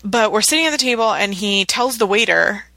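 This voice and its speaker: A woman's voice: mid-range voice, fairly quick, gravelly, no room sound. A woman in her thirties co-hosting a podcast, sharing parenting advice in a chatty storytelling way. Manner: chatty, animated storytelling with acted quotes. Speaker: podcast co-host. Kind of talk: casual parenting advice chat.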